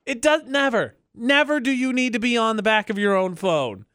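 Man, radio co-host, fairly high voice, dry close mic, teasing banter, stumbling restarts. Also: animated, moderate pace, a bit bright, clear, resonant tone, dry recording.

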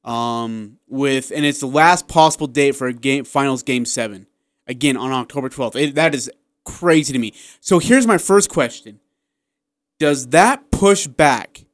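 A tired man co-hosting a casual sports talk radio show in a studio, telling stories in an animated way. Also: medium pitch, measured pace, dry recording. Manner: animated storyteller who acts out dialogue. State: tired, running low on energy. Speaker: radio co-host.

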